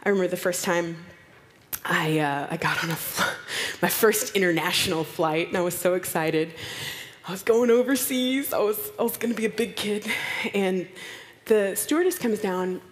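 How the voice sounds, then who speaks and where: A woman from Oklahoma with an American accent gives a conference talk, telling stories in an animated way and acting out the people she quotes in playful voices. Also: lowish voice, moderate pace. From Oklahoma, United States. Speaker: conference speaker. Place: conference hall. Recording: long hall reverb.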